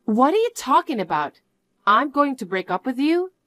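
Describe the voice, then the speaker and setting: A young woman telling her own story in first person, expressive and quick to exclaim. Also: sits high, no room sound. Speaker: narrator.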